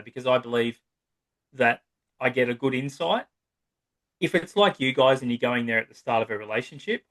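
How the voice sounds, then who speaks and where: A man's voice: medium pitch, a bit bright. An Australian man talking as a psychotherapist guest on a podcast, speaking in a long-winded, casual way and often checking in with "right?". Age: 30s to 50s. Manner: long-winded, acts out quoted voices, frequent "right?".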